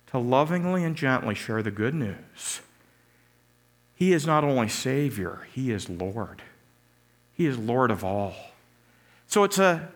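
A middle-aged man preaching a sermon, telling stories with animated delivery and acted-out voices. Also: medium pitch. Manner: animated storytelling, acts out voices.

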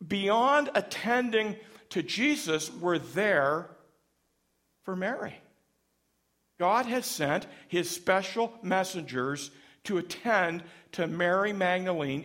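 A middle-aged man preaching a sermon, with a dramatic delivery that rises suddenly and drops soft. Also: high voice, vocal fry. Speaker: pastor.

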